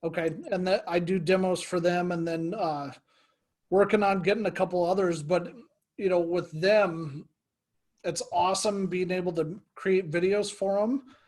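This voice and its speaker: A man with a high-pitched voice talks shop in a relaxed conversation with another creator. He is chatty and informal and leans on filler words as he goes. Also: normal speed. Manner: chatty, lots of "like" and "you know". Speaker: small guitar gear video creator. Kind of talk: casual chat between online creators.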